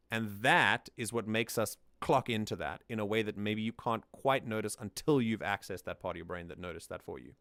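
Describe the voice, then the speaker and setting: A man's voice: lowish voice, a bit bright, dry recording, studio quality. A man hosting a casual music analysis, explaining thoughtfully and often restarting his sentences. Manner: sings lines back to demonstrate. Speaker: music reaction host.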